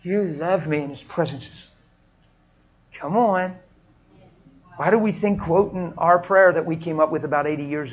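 A man preaching a sermon in a storytelling way, swinging from hushed, soft lines to loud, laughing outbursts. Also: on the high side, highs cut off.

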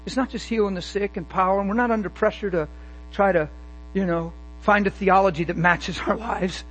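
A man preaching a sermon with fervent emphasis and quick rhetorical questions. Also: sits high, fairly even intonation, fairly bright tone, low-quality recording.

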